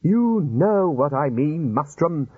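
A man voicing a wistful, cold old wizard who pleads in a drawn-out, whining way. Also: on the high side, big pitch swings, breathy edge, no echo, narrow, tinny audio, voice pushed up, heavily acted.

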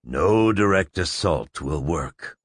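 Grim bossy director guy, low and clipped, the narrator doing him. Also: lively intonation, slow pace, husky, no echo, clean studio sound, exaggerated voice. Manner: curt, sharp, commanding. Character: grim, commanding male director, tense.

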